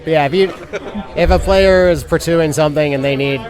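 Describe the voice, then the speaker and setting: A man talks on a live festival panel, giving laid-back advice with the odd swear word. His voice sits a little high. A crowd chatters clearly behind him outdoors. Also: moderate pace. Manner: relaxed, advisory, mildly profane. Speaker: veteran dungeon master guest. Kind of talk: casual panel chat.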